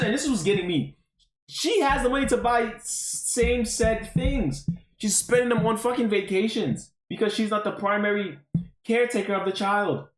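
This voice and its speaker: A man's voice: high-pitched, normal speed. A man streaming, reading online posts aloud and reacting to them in a profane, rambling, exclaiming way.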